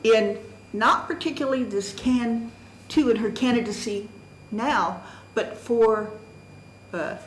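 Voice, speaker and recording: A woman's voice: fairly high pitch, slow pace, echoey room, a little hiss or hum, low-quality recording. A woman giving formal public testimony at a county board meeting, presenting a challenge methodically and emphatically while reading from documents. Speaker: citizen presenting a candidacy challenge. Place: county government meeting room.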